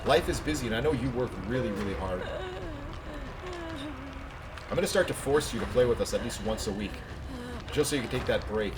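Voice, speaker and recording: A man streaming a game live, chatty and excitable, talking to viewers between moves. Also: medium pitch, a little fast, pauses often, crowd noise. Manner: chatty, excitable, laughs easily. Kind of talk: live gameplay commentary.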